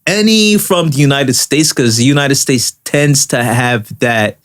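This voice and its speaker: A man's voice: mid-range voice, a little slow, a bit bright. A man co-hosting a casual podcast chat, talking in a rambling way with many restarts. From Toronto, Canada. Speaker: podcast co-host.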